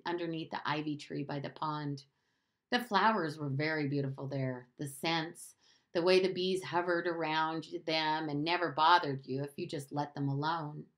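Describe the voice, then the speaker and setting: Soft, careful housemaid, read by a woman. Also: low-pitched, close to an everyday voice. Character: guarded, quiet woman housemaid, cautious.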